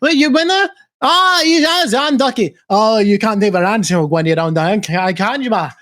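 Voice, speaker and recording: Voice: medium pitch, lively intonation, moderate pace, a bit bright, voice pushed up, natural voice. A streamer voicing a tipsy Newfoundlander in an exaggerated Newfoundland accent, rambling and boisterous. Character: tipsy Newfoundlander with a thick, slurred drinking accent.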